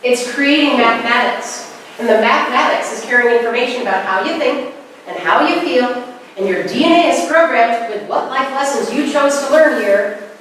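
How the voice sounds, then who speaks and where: A woman who is a spiritual speaker tells stories in a conversational, animated way, acting out quotes, with a voice on the high side at normal speed. She sounds far off in an echoey room, picked up by a distant mic with faint noise.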